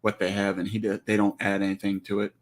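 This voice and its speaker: Joking Texan husband on a livestream. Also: male voice, fairly low pitch, completely flat delivery, fast talker. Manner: joking, teasing, easygoing. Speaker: co-host of a homestead livestream, husband. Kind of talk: casual livestream chat.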